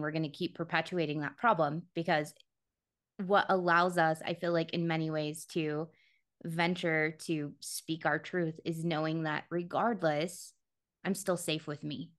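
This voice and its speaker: Low-voiced woman, thoughtful and affirming. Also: fairly even intonation, unhurried, a bit bright. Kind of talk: casual conversation.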